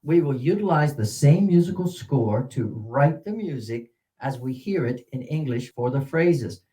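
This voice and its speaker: A man leads a workshop for English teachers on stressed syllables, and his voice sits at an ordinary middle pitch. His talk stops and starts, with frequent uh fillers and restarted phrases. He swoops his pitch up sharply when he models a stressed word. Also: expressive, mellow. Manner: halting, with many uh fillers and restarts.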